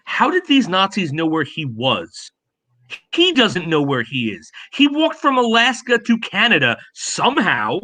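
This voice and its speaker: A man's voice: high-pitched, huge pitch swings, measured pace, sharp tone. A man co-hosting a podcast, chatting casually and sarcastically, laughing often. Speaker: podcast co-host. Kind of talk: casual chat.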